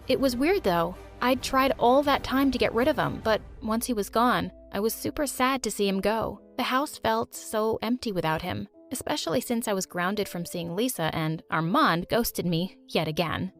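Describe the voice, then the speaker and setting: A young woman narrating a first-person storytime tale with animated delivery and sarcastic asides. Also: on the high side. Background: faint music.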